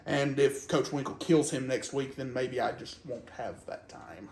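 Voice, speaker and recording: A man's voice: mid-range voice, moderate pace, a little mellow, echoey room. A man in a comedy sketch, flustered and exasperated, protesting in short bursts.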